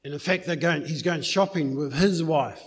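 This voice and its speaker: A man's voice: fairly high pitch, normal speed, breathy edge. A man preaching a sermon, telling a story in a loose, conversational way before praying and reading scripture.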